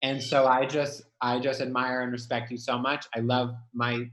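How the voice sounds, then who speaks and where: A man's voice: medium pitch, flat delivery, moderate pace, fairly bright tone. Emphatic man in an echoey room. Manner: emphatic, swears freely. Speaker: guest musician. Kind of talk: candid conversation.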